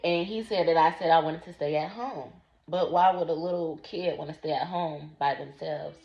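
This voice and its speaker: A woman telling a personal story slowly and deliberately to her vlog audience. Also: low-pitched, mellow. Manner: slow, deliberate recounting. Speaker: vlogger. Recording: roomy, dull lo-fi sound.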